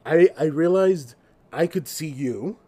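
A man's voice: fairly high pitch, slow pace, dark tone. A young man co-hosting a casual, improvised podcast over a video call, laid-back and laughing often. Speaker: podcast co-host.

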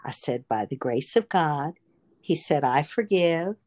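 A woman's voice: a bass voice, animated, a little slow, darkish tone. A woman telling a personal faith testimony in an earnest, emotional storytelling manner. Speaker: testimony speaker.

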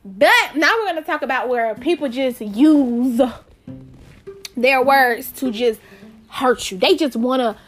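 A woman's voice: sits high, measured pace, faint music behind. A young woman hosting a casual solo podcast, talking in a chatty, emphatic way and calling her listeners y'all. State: out of breath. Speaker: podcast host.

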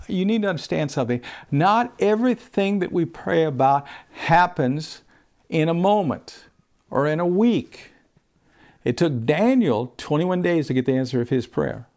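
A male pastor preaching a sermon, pushing his voice up on scripture and dropping it low for stress. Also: vocal fry, a little mellow.

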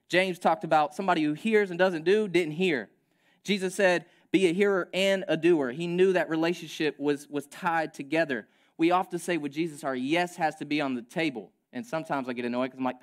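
A man preaching a sermon as pastor, in a conversational, animated way, acting out quotes and asking the congregation to respond. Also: sits high, fairly quick.

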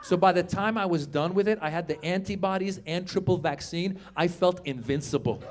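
A man in his fifties works a comedy club crowd during his stand-up set, animated and slipping into characters. He has a high voice and talks a little fast.

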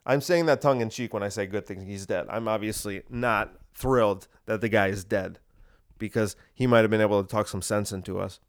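Speaking briskly in a lowish voice, this podcast host rants sarcastically through an opinionated monologue, firing off rhetorical question after rhetorical question.

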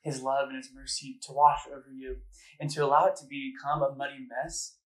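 A man's voice: medium pitch, level tone, a little fast, low-quality recording. A man speaking as a campus minister, giving a casual faith talk to students in an earnest, personal storytelling way, full of "like" and "um". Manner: conversational, full of "like" and "um" fillers. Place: gathering room at a campus center, live audience.

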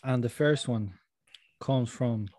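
A man's voice: mid-range voice, slow, mellow, no room sound. A man co-hosting a podcast in casual, profane chat, giggling often. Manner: profane, giggly, acts out voices in stories. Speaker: podcast co-host.

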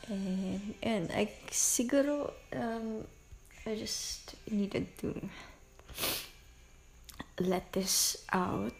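Slow teary Filipino woman, gravelly voice. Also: mid-range voice, a little hiss or hum. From Philippines. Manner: slow and halting, teary, mixing English and Tagalog. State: tearful. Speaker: podcast host. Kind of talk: personal podcast monologue.

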